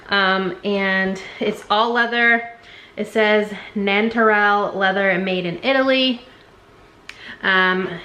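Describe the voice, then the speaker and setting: A woman's voice: mid-range voice, sharp tone. Chatty woman vlogger in an echoey room. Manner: chatty, many um fillers, unsure of brand names. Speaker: thrift reseller showing a haul. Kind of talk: casual haul vlog.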